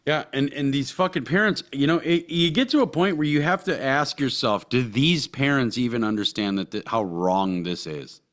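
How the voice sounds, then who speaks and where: Bright-voiced profane podcast man. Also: medium pitch, normal speed, few pauses. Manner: profane, rambling with restarts. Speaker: podcast co-host. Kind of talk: casual crude podcast banter.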